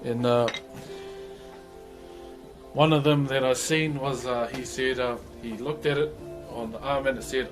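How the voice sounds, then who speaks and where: A man with a New Zealand accent, a streamer casually chatting with viewers while woodcarving, laid-back and quick to laugh. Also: mid-range voice, steady tone, over music. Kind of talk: casual livestream chat answering viewers.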